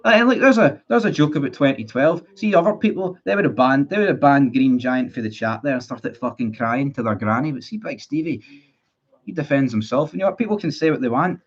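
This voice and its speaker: Scottish male fan streamer, mid-pitched, heated sweary rant, dull lo-fi audio. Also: animated, brisk. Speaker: football fan livestreamer. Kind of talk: ranting live stream chat.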